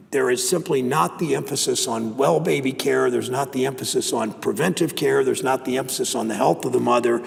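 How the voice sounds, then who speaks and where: A man's voice: mid-range voice, gravelly. A man in his sixties, a senator from Ohio, giving an emphatic political speech in a legislative chamber, driving points home with repeated phrases. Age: 60s. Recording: long reverb of a large chamber.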